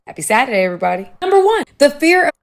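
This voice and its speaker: A high-voiced woman talks straight to her viewers, her pitch swooping widely as she runs through her numbered points with rhetorical questions and asides. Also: very fast. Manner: lively, rhetorical, addresses viewers as "y'all". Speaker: online video commentator. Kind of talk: casual video talk to viewers.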